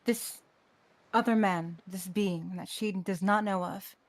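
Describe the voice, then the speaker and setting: A woman slowly and carefully describes her character over a call mic. Her voice is mid-range, and she pauses and restarts as she works through the details. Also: medium pitch, fairly even intonation. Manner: careful, descriptive, some hesitation. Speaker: player. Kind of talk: narrating her character's actions.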